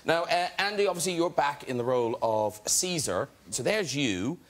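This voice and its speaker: A man's voice: a little high, expressive. A man hosting a studio chat show, asking guests questions in a playful, teasing way. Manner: playful, quick, teasing interviewer. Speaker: talk show host.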